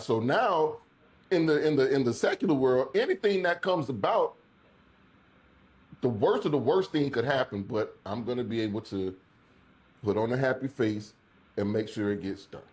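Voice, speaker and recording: A man co-hosting a podcast, talking casually, halting and repeating words and dropping low when serious. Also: a little mellow. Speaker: podcast co-host. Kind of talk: casual chat.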